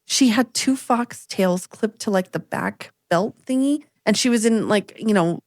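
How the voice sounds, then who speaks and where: A woman's voice: measured pace, no room sound, studio quality. A woman in her forties co-hosting a podcast, telling a story in casual chat and acting out the quotes. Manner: animated storyteller, acts out quotes with big pitch jumps. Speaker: podcast co-host.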